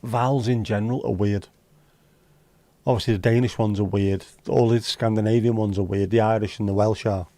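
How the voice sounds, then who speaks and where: A man hosts a casual livestream from a home streaming room, bantering and joking with his chat into a desk mic. He teases and throws in jokey asides, his fairly low, dark voice brisk and fairly even. There's no echo.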